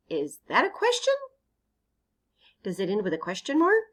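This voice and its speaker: A woman's voice: mid-range voice, huge pitch swings, normal speed, fairly bright tone. A woman teaching young children in an online lesson, asking them questions and answering them patiently. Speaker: elementary teacher.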